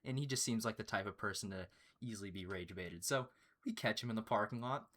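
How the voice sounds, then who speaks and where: A young man telling a story in casual chat, excitable and profane, often breaking into laughter. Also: fairly low pitch, fast. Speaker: storyteller, channel host.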